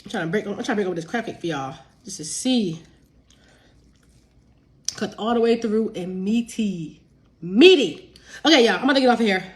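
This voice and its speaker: A woman's voice: medium pitch, a little fast, long pauses. A woman with a cold, sniffling as she cooks live and chats casually with her viewers, laughing easily. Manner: chatty, addresses viewers as y'all, laughs easily. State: sick and sniffly. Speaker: home cook and cookbook author. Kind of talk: casual live cooking stream.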